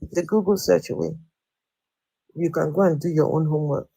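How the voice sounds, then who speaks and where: In a poor-quality recording with slight background noise, a woman with a low, gravelly, mellow voice speaks at normal speed with fairly even intonation. She hosts a live debate in an online audio discussion room, firm and blunt, pressing the same question on people again and again.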